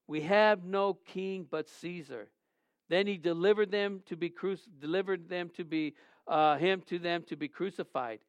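Clear and resonant, this pastor's voice is on the high side and carries no echo. In his sermon he asks his listeners questions directly, reads passages of scripture aloud, and rises to emphasize key words.

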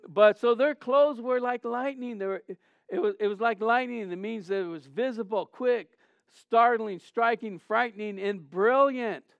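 At a measured pace, a pastor from Southern California gives a chatty sermon full of animated stories and restarted phrases. His voice is high, clear, and smooth; the audio is dull and dry, with little room echo.

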